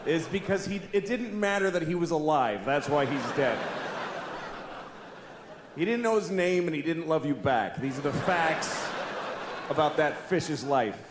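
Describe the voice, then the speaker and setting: A man's voice: a little high, animated, a little slow. A middle-aged man doing a stand-up comedy routine, exasperated, jumping into wild voices as he tells it. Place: comedy stage in a large venue with audience. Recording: echoey live venue with ambient noise.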